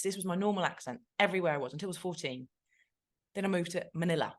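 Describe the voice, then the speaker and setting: A woman from England, a podcast guest, telling her personal story in an animated way and close to tears. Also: on the low side, very fast. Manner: animated, acts out remembered voices. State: emotional, near tears.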